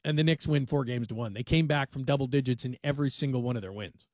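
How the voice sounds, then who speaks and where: A man's voice: mid-range voice, fast talker, darkish tone, no echo. A man hosting a sports talk radio show, rambling and conversational with dry sarcasm. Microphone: studio microphone.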